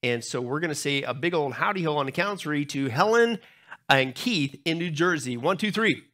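A man's voice: a little high, expressive, moderate pace, a crowd in the background. A man, a pastor, giving church announcements in a loose, joking, chatty way with many fillers. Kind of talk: church announcements before a sermon. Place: church sanctuary.

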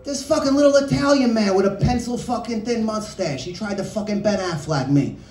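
A man's voice: sits high, a little fast, darkish tone. A man doing a profane, absurd stand-up set in a small bar, jumping between tangents. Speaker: stand-up comedian. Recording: echoey bar room, distant mic.

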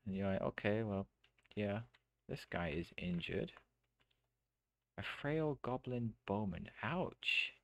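A deep, low-pitched man rambles through a live game stream, thinking aloud and restarting his sentences often. His voice is close and dry, with no room sound around it. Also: expressive, takes it slowly, vocal fry, fairly bright tone, no echo, dull audio. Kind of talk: casual let's-play commentary. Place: home streaming setup.

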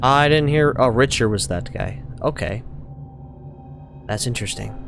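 A young man hosting a let's play, giving excitable, slangy commentary with yelps of surprise. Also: medium pitch, measured pace, vocal fry. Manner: excitable, yelping reactions, slangy. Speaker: gaming channel host. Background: loud game audio, music and gunfire.

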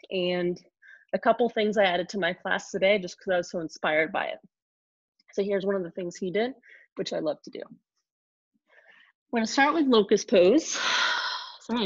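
Woman calling yoga cues, lo-fi sound. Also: medium pitch. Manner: calm step-by-step cues with frequent sighs and exhales. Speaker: yoga instructor. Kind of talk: guiding a live online yoga class.

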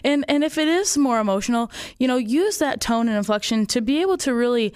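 A woman's voice: a little high, expressive, a little fast, a little mellow, clear, resonant tone. Friendly woman guest on a podcast. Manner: friendly, conversational, laughs often. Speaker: podcast guest, instructor coach. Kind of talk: casual podcast talk.

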